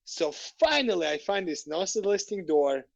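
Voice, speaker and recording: A man, a podcast guest, telling stories in a casual, animated way, laughing and swearing freely. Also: fairly high pitch, unhurried, dry recording, highs cut off. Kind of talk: casual storytelling. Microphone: podcast microphone.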